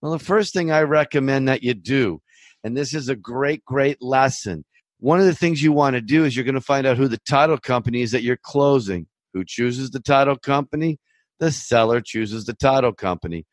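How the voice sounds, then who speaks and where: A man's voice: mid-range voice, no echo. Emphatic man warning buyers, dry sound. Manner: emphatic, repetitive warnings, storytelling asides. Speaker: loan officer. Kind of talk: direct-to-camera advice talk.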